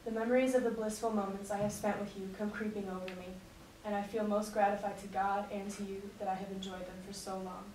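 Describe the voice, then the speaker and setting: A woman speaks in an earnest, measured way, presenting and then reading a letter aloud. Her voice sits at an ordinary middle pitch and comes from some distance away from the microphone. The room is echoey, with a faint hum underneath. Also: flat delivery, a little mellow.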